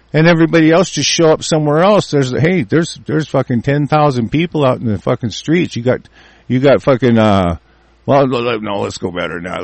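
A man's voice: medium pitch, dry recording. Furious swearing man, dry close sound. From United States. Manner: furious, profane, shouting, repeats and restarts. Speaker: ranting commentator. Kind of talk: profane angry rant.

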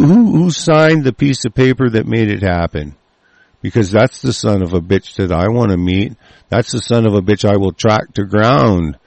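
A man's voice: mid-range voice, vocal fry, darkish tone, no echo. A man in an angry, profane rant as he reads out a news article and breaks off with stammering restarts. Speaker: political ranter reading a news article.

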